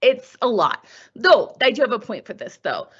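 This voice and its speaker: A woman's voice: a little high, sing-song, normal speed, slightly rough, lo-fi sound. A woman history teacher who lectures over slides in a chatty way and asks rhetorical questions.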